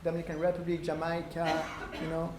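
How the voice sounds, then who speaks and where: French-accented man, hoarse, in an echoey hall. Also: on the high side, completely flat delivery. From France. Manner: halting, repeats words, many ums. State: losing his voice. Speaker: visiting ambassador speaking to an audience. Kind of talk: public talk with Q and A. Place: lecture room at a university. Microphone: no microphone, room recording. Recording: echoey room with faint noise.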